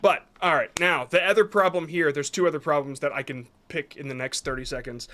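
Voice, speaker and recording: Guy reviewing shorts on a live stream, kinda high voice, stops and restarts a lot, says sorry a bunch. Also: brisk, few pauses, bright, forceful tone. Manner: hesitant, apologetic, many restarts. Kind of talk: casual live-stream commentary.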